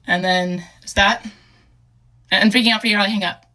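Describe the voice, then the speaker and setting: A young woman with a bright, forward voice recounts a personal story in a casual way. She talks haltingly, stops and restarts often, and sounds earnest and emotional. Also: mid-range voice, steady tone. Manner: halting, hesitant, with many fillers and restarts.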